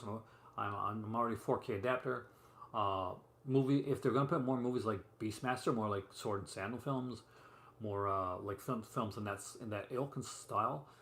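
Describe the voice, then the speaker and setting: A man hosting a casual live stream, chatty and rambling as he shows off movie releases at home. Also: on the low side. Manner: chatty and rambling, many fillers and asides. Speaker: host showing physical media releases. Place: room at home. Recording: roomy echo, faint room noise.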